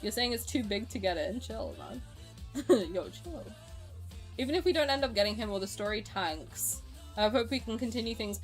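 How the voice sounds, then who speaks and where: A woman streamer casually chatting with her viewers and reacting to their comments. She is excitable, swears freely and laughs often. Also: on the high side, normal speed, faint music behind.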